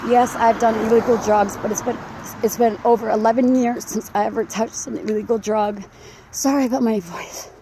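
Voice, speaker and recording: A woman out of breath, rambling and confessional as she vlogs while walking outdoors in a quiet neighborhood. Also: a little high, little pitch movement, a little fast, noisy background. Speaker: vlogger. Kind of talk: casual vlog while walking. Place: outdoors, quiet residential community. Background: faint dog and insects.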